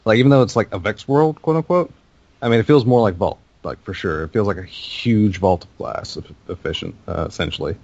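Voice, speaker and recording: Laid-back lower-voiced man, dry lo-fi. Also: darkish tone, no room sound. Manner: laid-back, joking, slangy. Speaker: podcast co-host. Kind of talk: casual chat about a video game.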